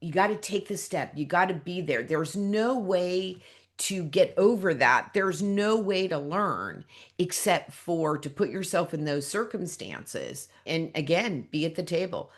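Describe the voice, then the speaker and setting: A woman's voice: on the low side, lively intonation, a little slow. A woman hosting an interview podcast, speaking in an emphatic, motivational way. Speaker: podcast host.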